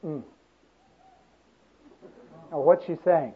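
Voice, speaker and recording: A man with a high-pitched voice preaches in an unhurried, deliberate cadence, leaning on repeated phrases for emphasis. The sound is thin and tinny, like an old sermon tape. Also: lively intonation.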